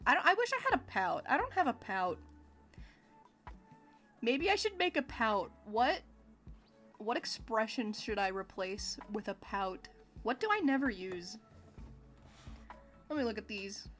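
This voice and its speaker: A woman streamer chats with viewers while gaming, giggling often and complaining playfully. Her voice sits a little high and swings widely in pitch, with an unhurried pace. Faint game music plays behind her. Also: sing-song, a bit bright. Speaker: livestreamer playing a video game. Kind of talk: casual gameplay chat with viewers.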